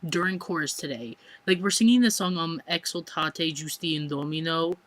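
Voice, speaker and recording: A man's voice: on the high side, moderate pace, a bit bright, dry recording. A teenage man ranting exasperatedly in a vlog, swearing and saying "like" constantly. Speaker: vlogger.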